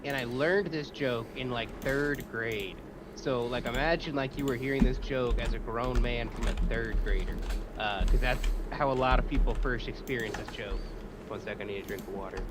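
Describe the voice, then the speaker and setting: An easygoing man tells a crude joke to a friend in a halting, casual way. His voice comes through a mic with clear background noise. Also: medium pitch. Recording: noisy mic.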